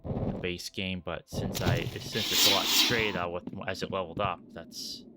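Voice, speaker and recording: A man's voice: low voice, steady tone, normal speed, heavy background noise. A man streaming a video game with casual, playful commentary, chatty and joking. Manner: playful, chatty, putting on silly voices. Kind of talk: casual let's-play commentary.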